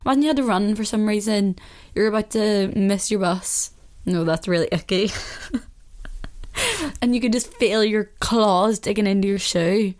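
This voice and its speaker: A woman's voice: mid-range voice, moderate pace, darkish tone. A young woman with a Northern Irish accent, hosting a casual solo podcast in a chatty, opinionated way and laughing often. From Northern Ireland. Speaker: podcast host.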